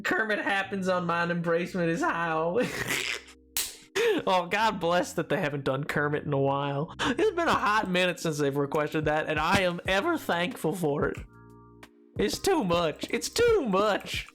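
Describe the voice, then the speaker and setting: A man's voice: high voice, expressive, moderate pace, fairly bright tone, soft background music. A man streaming a game, chatting casually in a goofy, rambling, playful way, a little tired. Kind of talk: casual live-stream chat while gaming.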